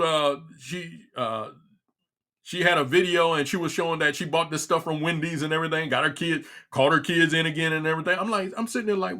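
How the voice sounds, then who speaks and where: A man's voice: sits high, sharp tone. A middle-aged man hosting a livestream, ranting in a frustrated, repetitive way with many stumbling restarts. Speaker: livestream talk show host. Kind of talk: casual ranting commentary.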